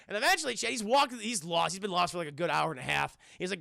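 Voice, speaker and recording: A man's voice: high-pitched, big pitch swings, fast, gravelly, hardly any pauses, bright, forceful tone, no echo, studio quality. A man reviewing a film for his stream chat, telling the plot in a loose, profane ramble and calling out to the chat. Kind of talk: casual spoiler recap.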